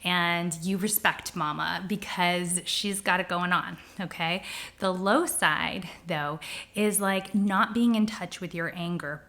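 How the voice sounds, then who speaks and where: A middle-aged woman astrologer giving a casual spoken forecast, lively, now and then dropping into whispers to act out feelings. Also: mid-range voice. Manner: animated, acts out quoted feelings with sudden whispers.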